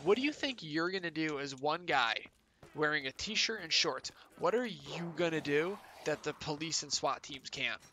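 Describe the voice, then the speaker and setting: Bright-voiced, rambling young man. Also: a little high, expressive, moderate pace, slight background noise. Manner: rambling, profane, incredulous. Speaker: game streamer. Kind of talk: casual chat while gaming.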